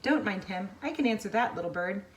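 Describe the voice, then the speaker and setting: A woman's voice: medium pitch, expressive, brisk, slight background noise, natural voice. A woman voicing a friendly female sled dog who barks and speaks in cheerful sing-song rhyme, read from a storybook.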